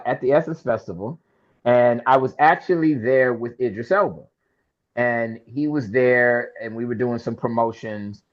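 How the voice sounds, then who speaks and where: A medium-pitched male film producer tells an animated story as a guest on a podcast interview, acting out the quoted dialogue with lively energy. The sound is lo-fi.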